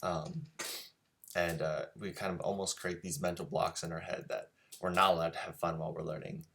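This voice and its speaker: Male art teacher hosting a live stream, deep voice, relaxed and rambling with fillers. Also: normal speed, gravelly. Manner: easygoing, filler-heavy, chatty with viewers. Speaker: drawing teacher and show host. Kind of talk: casual live-streamed drawing lesson.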